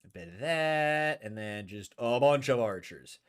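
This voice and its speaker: A young man streaming a game live, chatting casually and thinking aloud, often trailing off quietly. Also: mid-range voice, animated, a little slow, clean tone.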